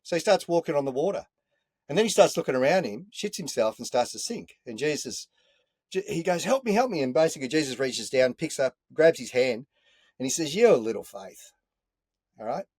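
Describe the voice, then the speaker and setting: An Australian man, a podcast guest, telling a story in an animated, earthy way with a few mild swear words, speaking from inside a caravan. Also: mid-range voice, a little fast, breathy edge, no echo. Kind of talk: casual storytelling chat.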